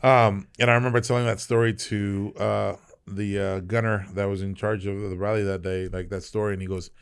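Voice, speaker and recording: A man's voice: fairly low pitch, a little fast, creaky, smooth. Profane, storytelling Texan veteran man. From South Texas, Rio Grande Valley. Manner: animated, profane, laughs through his stories. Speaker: guest, veteran. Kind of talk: casual storytelling.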